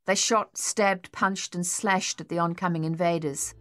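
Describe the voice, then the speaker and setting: Low-voiced woman narrating an audiobook. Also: no echo, studio quality, soft background music. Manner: steady, measured storytelling. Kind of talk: scripted narration.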